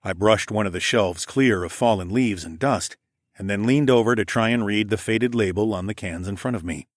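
A man narrating an audiobook in the first person, telling the story in a steady, even way. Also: fairly low pitch, no echo, clean studio sound.

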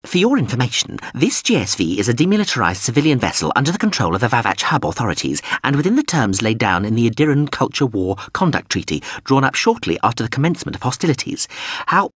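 A man's voice: mid-range voice, very animated, fast, fairly bright tone, husky, no echo, studio quality, pitched above the performer's own voice. A man voicing a small, prim, officious ship drone that sneers as it talks. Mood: indignant.

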